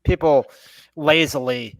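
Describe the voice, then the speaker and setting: A man's voice: on the high side, fairly even intonation, slow pace. A man co-hosting a podcast in casual chat, hesitant and full of "um"s. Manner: hesitant, with many "um"s and restarts. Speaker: podcast co-host.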